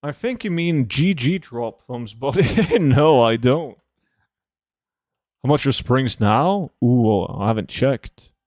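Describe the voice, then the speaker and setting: A man's voice: mid-range voice, animated, takes it slowly, a little mellow, dry recording, studio quality. Profane, rambling young streamer guy. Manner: loose, profane, rambling with many fillers. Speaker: game streamer. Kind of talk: casual livestream chat, reading chat messages.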